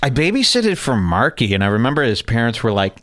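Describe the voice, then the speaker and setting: Animated, profane male podcast host. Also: medium pitch, a little fast, no echo. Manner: animated, profane, jokey storyteller. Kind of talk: casual storytelling chat.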